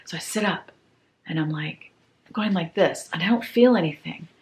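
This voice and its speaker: A woman from tells a home story in a relaxed vlog. Her voice sits on the lower side for a woman. She slips into the voices of the people she quotes and sounds a little tired. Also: normal speed. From Maine. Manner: animated storyteller who acts out quoted voices. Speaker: home declutter vlogger.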